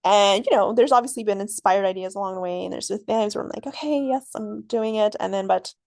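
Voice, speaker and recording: A woman hosting her own podcast, reflecting out loud in a rambling way, full of fillers and frequent laughs. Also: mid-range voice, steady tone, quick pace, vocal fry, no room sound. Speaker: podcast host. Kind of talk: reflective solo podcast monologue.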